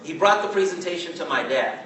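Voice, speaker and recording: A man in his forties from California tells a story to a live audience in a chatty, animated way, laughing as he goes. His voice sits a little high and sounds bright and forceful. The hall echoes heavily, and he stands some way from the mic. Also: brisk, recorded from a distance. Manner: chatty, animated, asks "right?" often, laughs as he talks. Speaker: network marketing trainer. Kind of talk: storytelling training talk.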